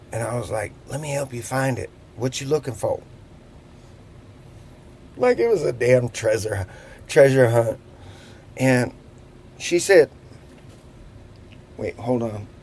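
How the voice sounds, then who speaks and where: A man's voice: mid-range voice, a little mellow, a little hiss or hum. A man in his fifties telling a rambling, jokey anecdote in a casual, digressive way. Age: 50s. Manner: chatty, digressive, jokey asides. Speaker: vlogger. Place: on a boat.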